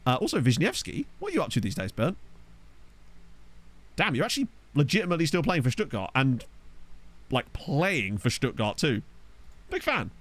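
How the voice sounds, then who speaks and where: A man's voice: fairly high pitch, huge pitch swings, normal speed, long pauses. A man giving casual let's-play commentary at a desk microphone, chatty, swearing freely and laughing at his own jokes. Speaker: gaming YouTuber. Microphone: desktop USB microphone.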